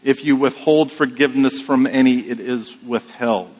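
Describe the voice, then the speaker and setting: A man preaching a sermon in a measured, emphatic way, asking rhetorical questions. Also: medium pitch, fairly even intonation, a little mellow, long reverb tail. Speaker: pastor.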